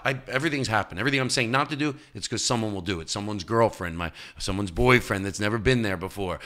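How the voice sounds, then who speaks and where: Animated, bright-voiced comedian man. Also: brisk. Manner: animated storytelling, jumping into high, loud quoted voices. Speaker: comedian, podcast guest. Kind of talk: casual interview chat.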